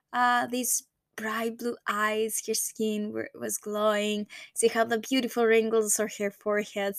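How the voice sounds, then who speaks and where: A young woman in her twenties speaks with a Greek accent, and her voice sits high and sharp. She tells a personal story in a rambling, casual way and keeps searching for the right English words. The sound is dry and close, with no room echo. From Greece. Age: 20s. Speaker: vlogger.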